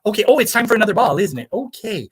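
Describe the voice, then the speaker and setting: A woman's voice: medium pitch, sing-song, rapid-fire, breathy edge. A woman playing a scatterbrained self-proclaimed primatologist who calls bingo and rambles in a put-on accent that drifts toward the American South. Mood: chatty. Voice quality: breezy, rambling, cheerfully misinformed. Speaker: bingo caller. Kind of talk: comic live-stream character bit.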